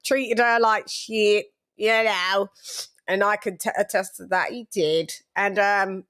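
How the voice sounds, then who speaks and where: A chatty woman hosts a podcast in loose, blunt, gossipy talk. She laughs often and stumbles over repeated words. Her voice sits at a middle pitch. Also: steady tone, slow pace, fairly bright tone. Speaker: boxing podcast host. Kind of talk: casual chat.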